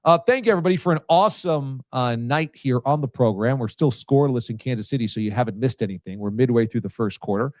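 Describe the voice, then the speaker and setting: Speaking quickly with hardly any pauses, this medium-pitched, slightly mellow host fronts a live sports talk stream, captured in a dry recording. He jokes around and reads viewer comments out loud.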